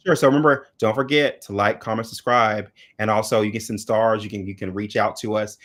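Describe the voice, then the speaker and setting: A man's voice: lowish voice, steady tone, fairly quick, a bit bright. A man co-hosting a casual chat show, hesitant and searching for words with many fillers. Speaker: co-host.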